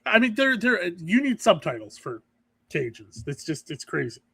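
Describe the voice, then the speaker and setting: A man's voice: high-pitched, sing-song, moderate pace, gravelly. A man from the United States, co-hosting a podcast in casual chat, joking and laughing at his own jokes. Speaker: podcast co-host.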